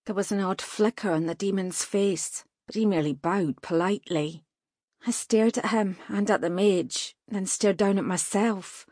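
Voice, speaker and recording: A woman narrating a first-person fantasy audiobook in a tense, even storytelling manner. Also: medium pitch, moderate pace, dry recording, studio quality.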